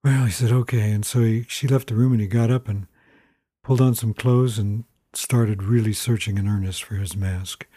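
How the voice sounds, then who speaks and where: Husky, dark-voiced male storyteller. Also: fairly low pitch, steady tone, moderate pace, no echo, clean studio sound. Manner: informal, rambling with fillers and restarts. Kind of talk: spoken storytelling.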